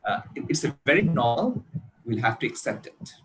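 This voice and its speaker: A man from Bangladesh with a Bangladeshi English accent, lecturing on public speaking in a deliberate way, with frequent pauses and stressed key words. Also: mid-range voice, very animated, background noise. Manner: deliberate, with many pauses and hesitations.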